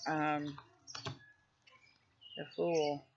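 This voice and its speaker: A woman's voice: low voice, level tone, extremely slow, creaky, a bit bright, a little hiss or hum. A woman hosting her tarot channel, chatting casually outdoors near her house in a rambling way with many fillers. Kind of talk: casual vlog chat. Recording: dull lo-fi audio with faint birdsong.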